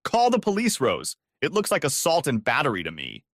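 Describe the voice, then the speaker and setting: A bitter, heartbroken mechanic, as a male narrator plays him in a storybook reading, clipped and resentful, ranting with a lively rise and fall. The sound is close and dry. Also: on the high side, brisk, dry recording, pitched above the performer's own voice, full character voice. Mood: cold.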